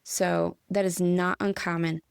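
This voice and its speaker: A woman's voice: fairly low pitch, little pitch movement, measured pace, vocal fry, clear, resonant tone, no echo, studio quality. A middle-aged woman, co-hosting a spiritual podcast and telling stories in a chatty way with easy laughter. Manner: chatty storyteller, laughs easily. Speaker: podcast co-host. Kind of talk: casual spiritual chat.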